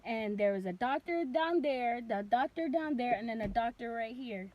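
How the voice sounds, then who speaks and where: A young woman with a high voice tells her story in a casual vlog. She rambles, leans on "like" constantly, and bursts into loud reenacted cries now and then. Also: expressive, moderate pace. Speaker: vlogger.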